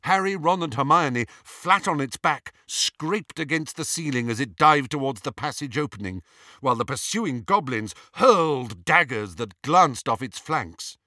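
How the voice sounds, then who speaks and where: A man reading an audiobook in a dramatic, expressive narrating manner. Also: medium pitch, a little slow, no room sound, studio quality.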